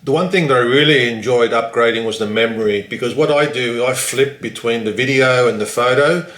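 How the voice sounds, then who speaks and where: A man's voice: mid-range voice, fairly quick, a bit bright, roomy sound, low-quality recording. A man chatting casually in a rambling, self-deprecating vlog, swearing lightly. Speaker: vlogger.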